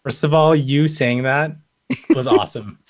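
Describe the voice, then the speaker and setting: A man's voice: medium pitch, steady tone, unhurried. A man speaking as a panel guest in casual, conversational talk, thinking aloud as he goes. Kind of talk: casual chat.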